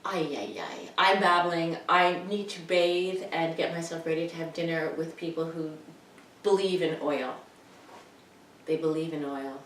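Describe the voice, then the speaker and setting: A woman's voice: sits low, steady tone, measured pace, a bit bright. An older woman rambling wryly and self-deprecatingly in a casual personal video message at home. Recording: roomy, distant mic, faint noise.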